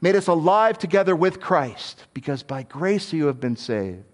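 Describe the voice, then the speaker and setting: An earnest male preacher delivering a sermon. His voice sits a little high for a man, and he moves between quiet, hushed passages and raised, emphatic ones. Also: sing-song, normal speed. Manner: earnest, swings from soft and low to raised and emphatic.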